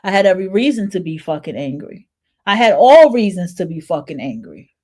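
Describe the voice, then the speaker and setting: A woman's voice: lowish voice, big pitch swings, fairly quick, darkish tone. A woman in her thirties hosting a podcast, venting in a blunt, profane, emphatic monologue. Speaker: podcast host. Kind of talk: casual monologue.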